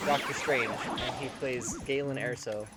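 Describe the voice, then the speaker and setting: A man in a relaxed gaming chat, talking in a wry, low-key way at a middle pitch. Game music plays loudly under his voice the whole time. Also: moderate pace. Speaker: let's play co-host.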